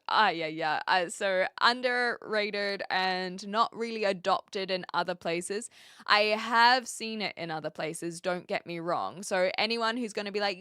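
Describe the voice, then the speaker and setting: Young adult woman, New Zealand accent, casual streamer chat, crisp and clear voice. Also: mid-range voice, pushed and bright, dry recording, clean studio sound. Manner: chatty, reads chat aloud, frequent fillers and quick laughs.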